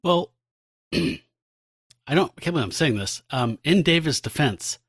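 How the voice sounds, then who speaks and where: A man's voice: fairly high pitch, animated, a little slow, a bit bright, breathy edge, no echo, studio quality. A man co-hosting a podcast, retelling a comic in casual chat and acting out lines with funny voices. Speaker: podcast co-host.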